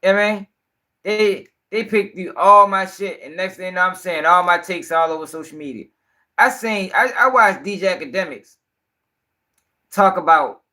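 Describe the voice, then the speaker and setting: Young male streamer, bright forceful tone, profane and rambling. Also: high-pitched. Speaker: commentary livestream host. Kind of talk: casual livestream commentary.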